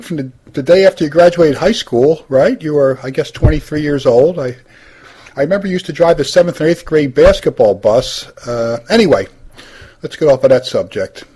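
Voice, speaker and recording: A man's voice: a little high, a little mellow, husky. A man hosting a comedy roast, interviewing classmates with lots of hesitant fillers.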